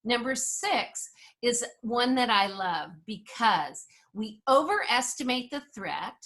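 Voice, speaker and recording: A woman teaching a resilience workshop, a lively storyteller who acts out dialogue and talks straight to her listeners. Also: fairly high pitch. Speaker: resilience instructor. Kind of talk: motivational workshop talk.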